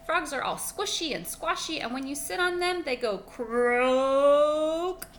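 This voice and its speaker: A woman's voice: sits high, slow, a little hiss or hum, pitched above the performer's own voice. A woman voicing a curious dog from a picture book who keeps asking questions.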